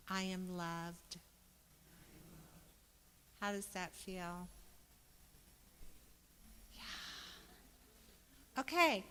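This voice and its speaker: A woman preaches at an unhurried pace with a bright, forceful tone. Her voice carries through a reverberant church sanctuary as she leads the congregation, from gentle reflection to loud, joyful calls. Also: medium pitch. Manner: slow, gentle preaching that turns loud and exuberant when leading the congregation. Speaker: speaker giving a Sunday talk. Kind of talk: sermon.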